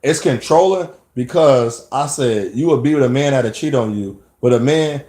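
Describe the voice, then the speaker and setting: A man's voice: medium pitch, normal speed, few pauses, warm tone. Man rambling in an echoey room. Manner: emphatic, rambling, frequent restarts. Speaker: vlogger. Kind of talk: personal monologue.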